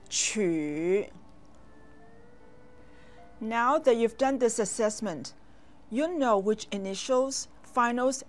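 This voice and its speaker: A woman teaching as a language instructor, speaking in a slow, deliberate instructional manner with clear, careful enunciation and long pauses. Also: a little high. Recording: voice over soft background music.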